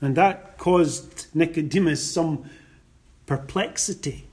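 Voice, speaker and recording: A man preaching a sermon, quoting scripture and stressing his points with slow emphasis. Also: on the high side, darkish tone, husky.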